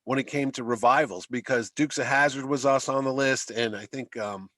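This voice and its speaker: A middle-aged man co-hosting a podcast, chatting casually and telling animated, rambling stories. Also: medium pitch, a little fast, no echo. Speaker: podcast co-host. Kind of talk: casual chat.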